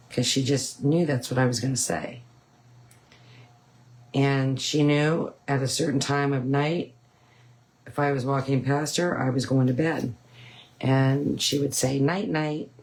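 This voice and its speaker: A woman's voice: a bass voice, darkish tone, poor audio. A woman hosting a painting tutorial, chatting casually and rambling with frequent ums. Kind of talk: casual chat while painting.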